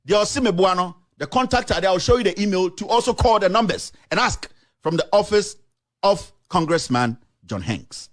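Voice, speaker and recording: A man's voice: high-pitched, animated, moderate pace. A man hosting his own show, giving emphatic, repetitive commentary and mixing English with local phrases. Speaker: journalist and show host.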